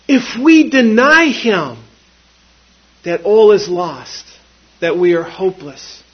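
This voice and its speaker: A man preaching a sermon, slow and emphatic, repeating key phrases for weight. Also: very high voice. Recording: dull lo-fi recording.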